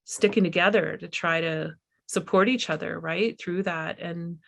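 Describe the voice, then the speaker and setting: A middle-aged woman in a candid, reflective conversation as a filmmaker guest, talking haltingly with many restarts. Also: fairly low pitch, vocal fry, a bit bright.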